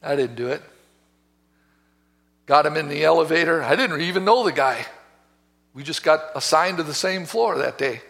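Man preaching a fiery sermon, high voice, echoey big church. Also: animated, moderate pace, gravelly, pauses often. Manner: impassioned storytelling, swings from hushed to loud. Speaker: pastor. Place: church sanctuary. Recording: reverberant church hall.

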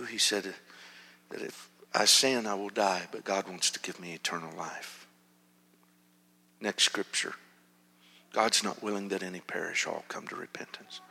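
A man preaching a storytelling sermon, dropping to a hush and then rising loud and animated. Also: fairly low pitch. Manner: animated, swings from hushed to loud. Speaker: pastor. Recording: long hall reverb.

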